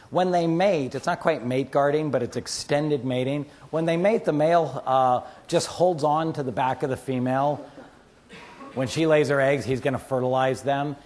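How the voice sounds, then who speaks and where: A university lecturer, a man, teaching biology with lively stories and quick asides to the class. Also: mid-range voice. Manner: animated storyteller, quotes friends in asides. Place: lecture hall.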